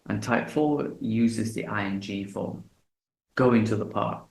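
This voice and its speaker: A man teaching an English lesson in a relaxed way, repeating example phrases slowly and deliberately. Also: fairly low pitch, vocal fry. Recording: echoey room.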